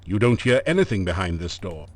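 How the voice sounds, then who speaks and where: A man's voice: sits low, very animated, fairly quick, faint music behind. A man voicing the dry, punning narrator of an adventure game, delivering scripted narration with mock gravity. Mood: wry.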